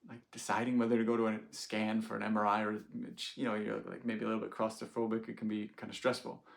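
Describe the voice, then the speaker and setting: A chatty man in his thirties with a gravelly, fry-edged voice at an ordinary pitch. He talks casually to camera as a doctor, laughing often and filling gaps with "like" and "you know.". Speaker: doctor sharing stories. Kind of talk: casual direct-to-camera talk.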